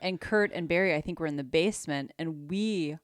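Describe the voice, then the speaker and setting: Low-voiced woman in casual chat. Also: no room sound, clean studio sound. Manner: chatty, quick agreeing interjections. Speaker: podcast co-host.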